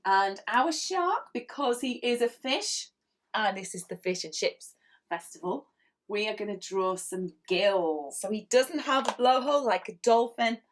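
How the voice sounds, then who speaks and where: A woman's voice: mid-range voice, measured pace. A woman leading a children's draw-along lesson, encouraging and playful, with little voiced sound effects. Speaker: children's drawing tutor.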